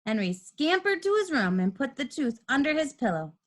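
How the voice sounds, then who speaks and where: A woman reading a children's storybook aloud, with expressive voice changes for the characters. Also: high voice. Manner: lively, expressive reading with quick shifts for characters.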